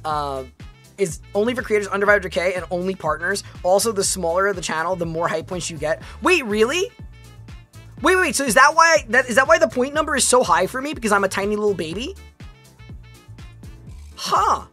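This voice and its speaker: Lively young woman streamer chatting. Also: medium pitch, a little fast, soft background music. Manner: reads chat aloud and reacts, chatty with frequent restarts. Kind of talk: casual livestream chat.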